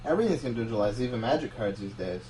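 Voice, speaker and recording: A man's voice: mid-range voice, animated, rapid-fire, mellow, distant mic, slight background noise, low-quality recording. A man co-hosting a casual podcast, blunt and swearing often. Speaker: podcast co-host. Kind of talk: casual chat.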